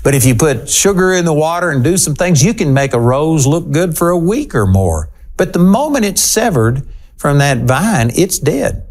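A man preaching a televised sermon, animated and dramatic, acting out voices with slow, drawn-out pauses. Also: on the high side.

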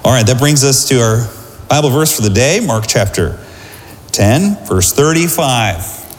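A man preaching a sermon to a congregation, lively and conversational, often asking them questions. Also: mid-range voice, a little slow, a little hiss or hum. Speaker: pastor. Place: large church hall. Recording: hall reverb, faint room ambience.

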